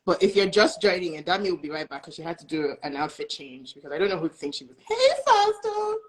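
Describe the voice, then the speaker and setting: A woman guest on a casual live-streamed chat, loud and teasing, talking animatedly. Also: low-pitched, fast talker, rough recording.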